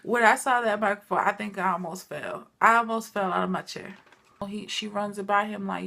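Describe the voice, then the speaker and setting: Chatty woman with a gravelly edge. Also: mid-range voice, a little fast. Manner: chatty, animated storytelling, addresses viewers as y'all. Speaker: TV recap vlogger. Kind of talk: casual TV recap chat.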